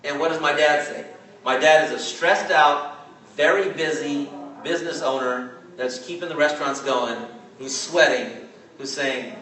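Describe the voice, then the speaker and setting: A man from California in his forties, telling a story to a live audience at a training event in a chatty, animated way and asking "right?" again and again. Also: on the high side, unhurried, slight background noise. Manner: chatty, animated, asks "right?" often, laughs as he talks. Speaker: network marketing trainer. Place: large hall with an audience. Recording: very echoey hall, mic far off.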